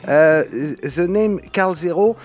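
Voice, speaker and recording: A man in his forties with a French accent, speaking halting English full of fillers as a guest in a radio interview. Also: high voice, faint music behind. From France. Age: 40s. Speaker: guest musician. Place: remote studio.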